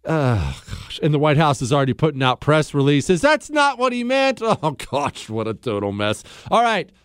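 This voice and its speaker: Animated sarcastic radio host. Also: male voice, medium pitch, normal speed, clear, resonant tone, no echo, studio quality. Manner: animated, sarcastic, mocking, laughs often. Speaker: radio talk show host. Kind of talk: opinionated political talk radio monologue. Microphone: studio microphone.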